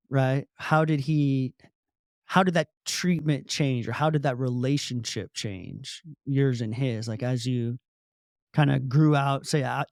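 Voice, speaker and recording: A man's voice: mid-range voice, a little mellow, no echo, studio quality. A man, hosting an interview and asking rambling, rephrased questions. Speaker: podcast host.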